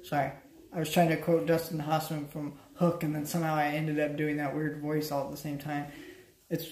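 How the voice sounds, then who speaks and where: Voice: medium pitch, completely flat delivery, a little fast, a little mellow. A tired young adult vlogger talking casually at home late at night, rambling and self-mocking with frequent restarts. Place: at home, by a couch. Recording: roomy, echoey room.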